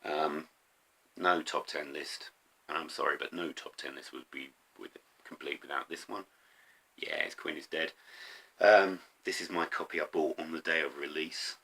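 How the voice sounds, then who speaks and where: A middle-aged man talking casually to camera about his favourite records, eager but halting, with many pauses and ums. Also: rumbling low, steady tone, vocal fry, pushed and bright, breathy edge. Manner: enthusiastic, halting with frequent ums. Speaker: vinyl record collector vlogger.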